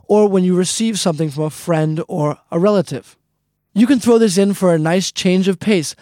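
With a high-sitting voice and dark tone, a man leads a casual, friendly language lesson, going over points repeatedly and saying "guys" often. The recording is dry and of studio quality.

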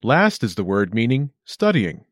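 Lively, upbeat male lesson host. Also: mid-range voice, measured pace, dry recording, clean studio sound. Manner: clear, upbeat instructional delivery. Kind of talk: scripted lesson narration.

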